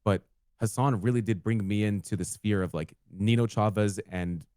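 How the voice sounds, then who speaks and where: A man with a fairly low voice in relaxed podcast chat. He pads his sentences with "like" as he thinks aloud. The recording is dry and close. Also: moderate pace, clean tone, no echo. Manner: relaxed, filler-heavy, says "like" often. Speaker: podcast host. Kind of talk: casual chat.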